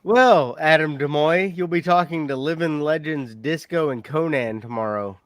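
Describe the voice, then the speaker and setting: Man co-host, blunt and profane, fairly high voice, dry close sound. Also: moderate pace, a bit bright, no echo. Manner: blunt, swears freely, laughs often. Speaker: podcast co-host. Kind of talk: casual banter.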